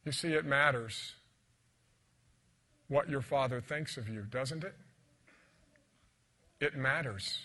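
Bright-voiced man preaching with dramatic swings. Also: mid-range voice, slow pace, long pauses. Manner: dramatic storytelling, dropping to whispers and rising to loud emphasis. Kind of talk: sermon with personal testimony.

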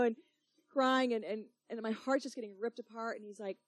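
A woman's voice: on the high side, fairly quick, no room sound. A young woman preaching through a personal story, talking in a casual, emotional way full of "like" and "you know". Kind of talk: sermon storytelling.

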